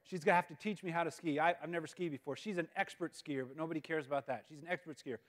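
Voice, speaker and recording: Guest speaker, male, higher voice; animated, self-deprecating storyteller. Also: very fast. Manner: animated, self-mocking, repeats words. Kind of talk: humorous storytelling talk. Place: school auditorium. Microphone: live-stream mic.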